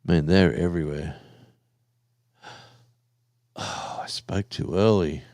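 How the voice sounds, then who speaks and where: A man's voice: sits low, slow pace, darkish tone, dry recording, studio quality. An Australian man chatting casually and rambling on a live stream, talking to his viewers in an easygoing way.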